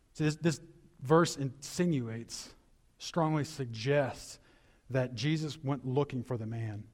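A man preaching a sermon as pastor, animated and emphatic with conversational, reflective asides. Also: medium pitch.

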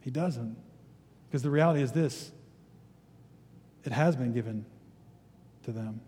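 A male pastor giving a sermon, reading scripture aloud and then retelling it in relaxed, conversational terms. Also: mid-range voice, unhurried, breathy edge, big-room sound. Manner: reads scripture, then retells it in casual everyday speech. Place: church sanctuary.

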